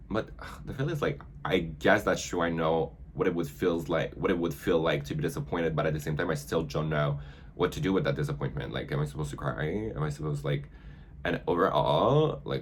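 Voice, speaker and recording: Speaking at an extremely low pitch over a faint hiss or hum, a man walks through a makeup tutorial in a relaxed, chatty way. As a makeup vlogger, he leans heavily on "like" and fumbles any time he reads aloud.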